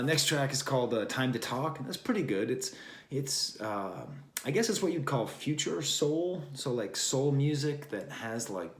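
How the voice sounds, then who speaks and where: A man hosting a casual album review, talking in a rambling, wry way and drifting between thoughts with plenty of fillers. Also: medium pitch. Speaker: record review host. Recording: roomy echo.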